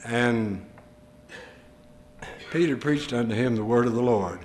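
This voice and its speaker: A man's voice: mid-range voice, unhurried, darkish tone, slight background noise. An older male preacher delivering an earnest, emphatic sermon full of rhetorical questions. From United States.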